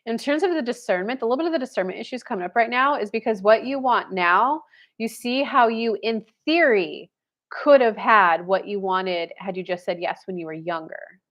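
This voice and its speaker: A woman in her thirties hosts a live stream as a dating coach, talking loosely with viewers. Her pitch sits in an ordinary middle range. She talks fast and blunt, leans on "like" fillers and drops in the odd swear word. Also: fairly bright tone. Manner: chatty, heavy "like" fillers, blunt with casual swearing. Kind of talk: casual live-stream chat answering viewers.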